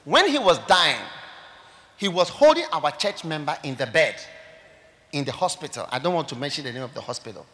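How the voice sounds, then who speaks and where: A Ghanaian pastor preaches at a church service in a high, bright voice. His pitch leaps about as he tells his stories, jumping from shouted exclamations down to hushed asides, with faint background noise behind him. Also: a little fast. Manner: animated storytelling, swinging between loud exclamations and quiet asides. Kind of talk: sermon.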